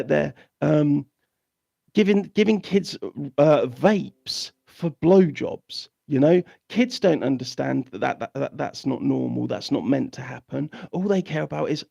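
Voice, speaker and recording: Gravelly man ranting angrily. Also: on the high side, warm tone, dull audio. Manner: angry, profane, repetitive, halting. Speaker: host. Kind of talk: ranting news commentary.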